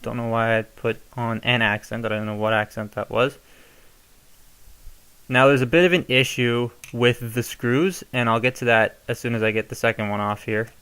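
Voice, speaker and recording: A man's voice: mid-range voice, steady tone, moderate pace, a bit bright, clean tone. A young man casually showing how to modify a toy, chatty and given to rambling asides. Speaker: toy reviewer. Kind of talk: casual hands-on tutorial.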